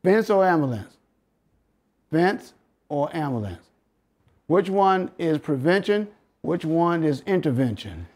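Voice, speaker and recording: Southern US male lecturer, slightly high voice, preachy, quizzes the audience. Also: very animated, slow, pauses often, darkish tone. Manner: preachy, coaxing the audience with questions and chuckles. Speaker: health lecturer. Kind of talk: interactive Bible health lesson.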